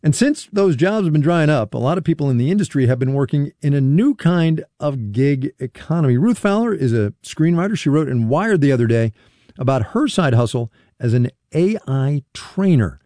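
A male radio host with a mellow, dark tone, asking questions in a measured way. He breaks off now and then to restart a phrase. His voice sounds close and dry, with no room echo. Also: a little high, lively intonation. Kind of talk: radio interview.

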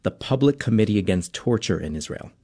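A man reporting as a radio foreign correspondent, explaining events in a plain, steady way. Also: lowish voice, brisk. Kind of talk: news report and two-way chat.

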